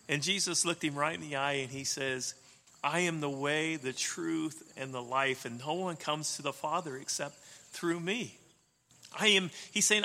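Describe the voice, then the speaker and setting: A man preaching a sermon in an animated way, swinging between loud emphasis and soft asides. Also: on the high side, moderate pace. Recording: long reverb of a hall.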